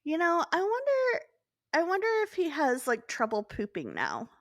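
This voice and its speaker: A woman co-hosting a podcast, chatting and reacting in an animated way. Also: high-pitched, moderate pace, no room sound, studio quality. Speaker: podcast co-host. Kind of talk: casual chat.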